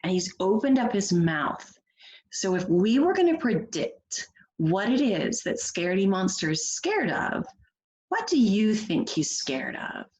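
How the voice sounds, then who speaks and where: A teacher takes first graders through a picture book as a read-aloud reading lesson, asking encouraging questions and reading with expression. She has a mid-range voice and an unhurried pace, heard on a rough recording.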